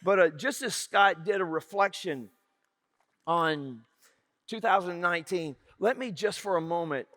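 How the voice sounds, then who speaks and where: Lively pastor telling a funny story. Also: male voice, high-pitched, measured pace. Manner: humorous, animated storytelling. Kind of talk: sermon with personal storytelling. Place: church sanctuary. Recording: reverberant church hall.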